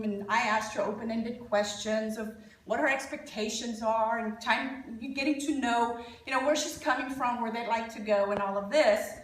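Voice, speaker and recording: A woman giving a conference talk, an animated storyteller who coaches parents and jokes with her audience. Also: fairly high pitch, roomy sound, recorded from a distance, rough recording. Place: conference hall.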